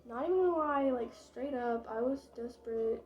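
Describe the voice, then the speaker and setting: A woman's voice: on the high side, normal speed, muffled recording, soft background music. A young woman vlogger telling a casual storytime, chatty and dramatic, with lots of fillers and swearing.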